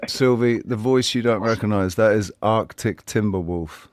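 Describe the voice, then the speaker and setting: Rambling low-voiced male stream host. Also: normal speed, a little mellow, no room sound. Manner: rambling, repeats himself, swears casually. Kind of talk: casual chat on a live stream.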